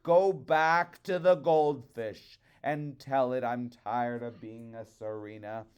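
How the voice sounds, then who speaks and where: A man voicing a proud, greedy old peasant woman who shouts orders imperiously in a storybook reading. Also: mid-range voice, fairly even intonation, takes it slowly, smooth, natural voice. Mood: haughty, furious.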